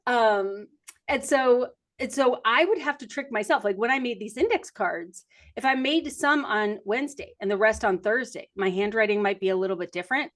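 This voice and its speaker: Woman, fifties, podcast host, casual chat, animated, self-deprecating. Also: fairly high pitch, moderate pace.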